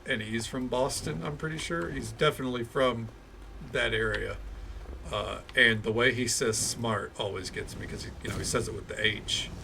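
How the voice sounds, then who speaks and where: A man's voice: mid-range voice, steady tone, moderate pace, vocal fry, sharp tone, slight background noise. A man streaming a video game, chatting casually and rambling, with frequent cursing and restarts. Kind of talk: casual gaming commentary.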